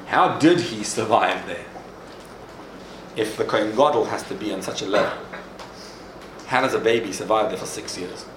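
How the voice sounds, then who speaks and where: Guy preaching a sermon, animated sing-song delivery, roomy echo, noisy background. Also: mid-range voice. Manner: storytelling with questions, Hebrew terms. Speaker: rabbi.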